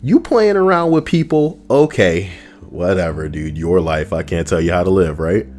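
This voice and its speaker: A man's voice: sits low, lively intonation, moderate pace, darkish tone, slight background noise. A man giving crude, mocking comedic reactions to stories he reads out, ranting as he goes. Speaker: online commentator.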